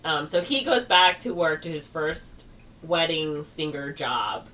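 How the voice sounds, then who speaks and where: A woman's voice: low voice, lively intonation, a little slow, pushed and bright. A woman co-hosting a podcast who loosely retells a movie plot in a rambling way, with lots of "like" and laughs. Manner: rambling, filler-heavy with frequent "like" and laughs. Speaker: podcast co-host. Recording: distant mic with faint noise.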